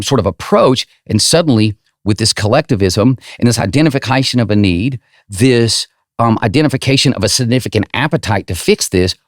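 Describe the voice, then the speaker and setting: A man's voice: medium pitch, no echo, clean studio sound. A middle-aged man hosting a podcast as a running coach, giving an emphatic, rambling motivational monologue full of tag questions like "right?".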